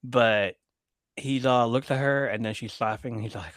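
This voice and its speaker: A man's voice: mid-range voice, moderate pace, fairly bright tone, dry recording. Man casually hosting a live podcast. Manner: reads viewer messages aloud, laughs often. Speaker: podcast host reading chat. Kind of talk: casual live-stream chat.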